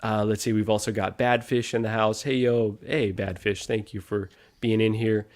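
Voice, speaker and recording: A man's voice: on the low side, level tone, moderate pace. A man hosting a casual live stream, upbeat, greeting viewers one by one and chatting with co-hosts.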